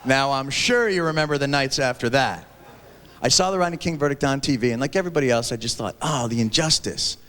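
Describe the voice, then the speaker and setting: A man performing a stand-up comedy set, animated and shouting his punchlines. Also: medium pitch, fast talker, clear, resonant tone. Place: large theater stage with audience. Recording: 1990s VHS TV broadcast, hall reverb, laughing crowd. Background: audience laughter.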